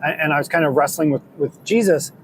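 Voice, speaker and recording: A man's voice: on the high side, quick pace, low-quality recording. A man hosting a podcast, talking through a story in an earnest, rambling way with many restarts, recorded in his truck. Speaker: podcast host, discipleship school leader. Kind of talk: casual reflective monologue. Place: in a truck on a drive. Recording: faint vehicle noise. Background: vehicle ambience.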